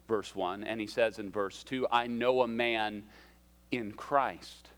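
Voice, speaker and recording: A man gives a conversational sermon, his voice sitting at a middle pitch. He shifts his pace and emphasis as he preaches and slips in self-deprecating humor. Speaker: pastor.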